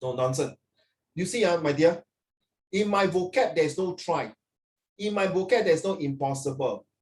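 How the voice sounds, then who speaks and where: A middle-aged male teacher with a Singaporean English accent, lecturing his class in an animated, preachy way and mixing in Mandarin phrases. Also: a little high, normal speed, distant mic.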